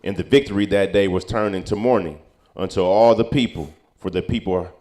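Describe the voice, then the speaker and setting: Low-voiced man reading scripture aloud. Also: a little fast. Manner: steady reading with occasional stumbles. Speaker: scripture reader.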